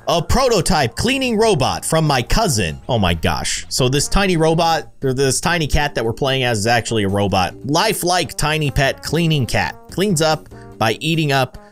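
A man narrating his gameplay in a playful, jokey commentary style. His voice sits at an ordinary pitch but swings up and down a lot as he reacts. Faint music plays underneath. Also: big pitch swings, moderate pace. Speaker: gaming YouTuber. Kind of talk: playful let's-play commentary.

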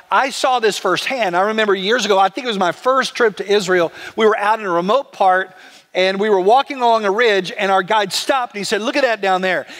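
A male pastor delivers a sermon in a conversational, animated way. His voice sits high, and a long reverb trails his words through the church. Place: church sanctuary.

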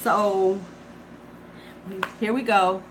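A woman's voice: mid-range voice, fairly even intonation, extremely slow, rough recording. A middle-aged woman chatting casually and profanely to viewers on a beauty livestream from her porch. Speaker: beauty vlogger. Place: home porch. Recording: faint ambient noise.

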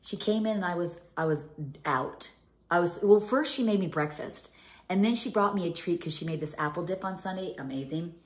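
A woman's voice: fairly low pitch, a little fast. A middle-aged woman chatting casually as a home cooking vlogger, telling rambling stories full of restarts and fillers. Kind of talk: casual chat. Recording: echoey room.

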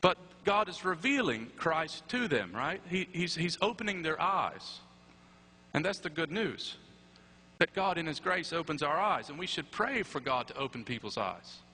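A man's voice: a little high, sing-song, moderate pace, bright, forceful tone, breathy edge. A man preaching a sermon in a chapel, conversational, with tag questions and wry asides. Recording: echoey chapel with faint hum.

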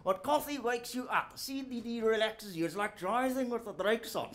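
A man's voice: very high-pitched, normal speed, a bit bright. A man performing a brash, mocking male puppet comedian with a South African accent, doing live stand-up with a ventriloquist act. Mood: cheeky roasting.

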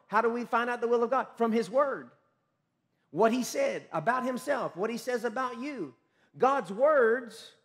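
A man pastor preaching a sermon, quoting scripture rapidly, calling on the congregation to repeat after him, and breaking into excited shouts. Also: high-pitched. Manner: emphatic preaching with rapid scripture quotes and call-and-response.

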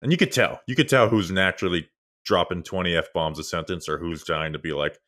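A man's voice: low voice, brisk, fairly bright tone. A man co-hosting a sports podcast, casually sharing opinions that trail off mid-thought. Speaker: podcast co-host.

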